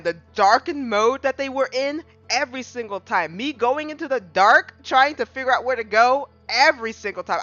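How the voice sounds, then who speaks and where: A gaming streamer casually recapping a game, excitable, with dramatic restarts and big jumps in pitch. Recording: slightly dull lo-fi mic with faint music.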